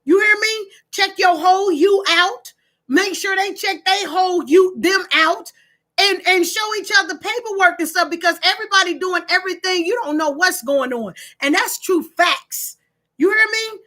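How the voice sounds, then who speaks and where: A middle-aged woman talks casually to camera on her own page, giving animated, preachy advice and acting out her own quoted lines. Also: very high-pitched, normal speed. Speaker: host of own video page.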